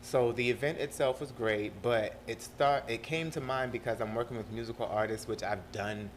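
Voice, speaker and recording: A man with a South Carolina Lowcountry accent, talking casually as a podcast guest and switching between proper and Southern speech. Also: normal speed, a little hiss or hum.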